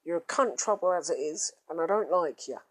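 A man's voice: a little high, expressive, brisk. A man putting on a blunt, rude male pigeon in a comic story. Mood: gruff. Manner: blunt, cockney-style slang. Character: gruff, rude, super strong male pigeon.

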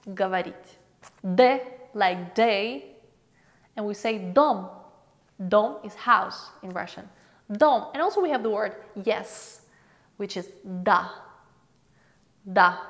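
Lady going thru the alphabet slow, repeats each word, voice rings with some reverb. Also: mid-range voice, a bit bright. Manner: slow, drawn-out letter sounds and repeated example words. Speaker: language teacher. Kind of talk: alphabet lesson for learners.

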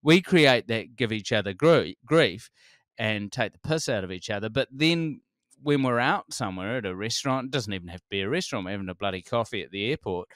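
A man in his forties with a New Zealand accent, a comedian telling stories as a podcast guest, animated, laughing often and swearing freely. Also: on the low side, a little fast, no room sound, studio quality. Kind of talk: casual conversation.

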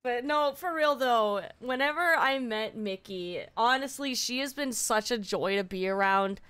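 A woman's voice: a little high, a little slow, a bit bright, clean tone. Giddy swearing woman streamer. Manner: giddy, swears a lot, keeps repeating herself. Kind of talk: casual live-stream chat.

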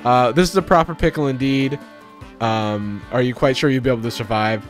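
A man's voice: medium pitch, brisk, faint music behind, lightly acted. A man voicing a fussy, proper old-fashioned male professor with formal, slightly pompous phrasing. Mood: prim, fussy.

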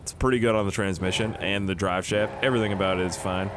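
A young man giving rambling, casual commentary over a driving game, swearing and yelling when things go wrong. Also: low-pitched, quick pace. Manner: rambling, excitable, swears, yells when the car crashes. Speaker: gaming YouTuber. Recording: noisy game audio behind the voice. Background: car engine sounds from the game.

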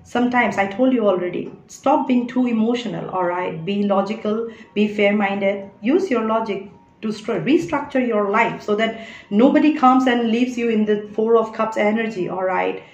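A woman's voice: mid-range voice, normal speed, muffled recording. A woman giving a spiritual tarot reading, earnest and coaxing, often checking "all right?". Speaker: tarot reader. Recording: echoey room.

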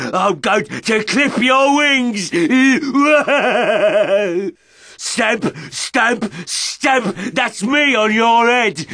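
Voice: medium pitch, a bit bright, dry recording, clean studio sound, full character voice. An actor playing a brutish, hot-tempered male pig warlord for a video game, bellowing in broken grammar. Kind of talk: video game villain voice acting.

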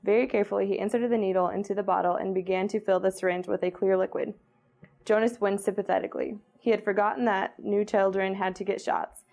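A woman's voice: mid-range voice, steady tone, fast talker, vocal fry, darkish tone. A young woman, a student worker, carefully reading a novel excerpt aloud. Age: young adult.

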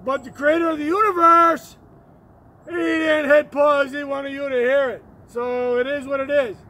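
High-voiced man rambling with sudden shouts. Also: flat delivery, moderate pace. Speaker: vlogger. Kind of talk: rambling outdoor monologue. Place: outdoors, walking up a hill.

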